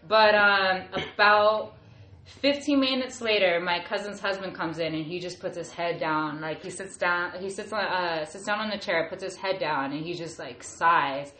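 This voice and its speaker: A woman's voice: on the low side, moderate pace, bright, forceful tone. A woman in her thirties telling a personal story casually, with lots of "like" and trailing restarts. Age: 30s. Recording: echoey room, faint ambience.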